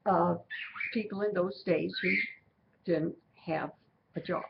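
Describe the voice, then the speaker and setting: A woman teaching a Bible study lesson, explaining slowly and repeating key phrases. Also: on the low side, vocal fry. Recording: muffled recording with steady background noise.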